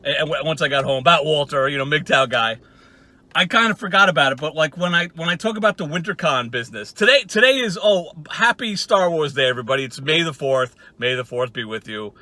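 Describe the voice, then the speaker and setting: A man rambles through a sarcastic, profanity-laced rant for his channel audience. His voice sits high and sounds bright and forceful, and he keeps it conversational even at his most scornful. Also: fairly quick. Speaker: channel host. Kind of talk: casual ranting commentary.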